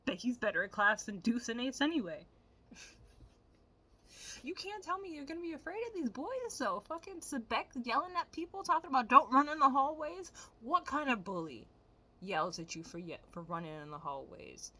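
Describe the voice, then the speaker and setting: A woman vlogger giving animated, profane, casual commentary straight to her viewers. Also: fairly high pitch, normal speed.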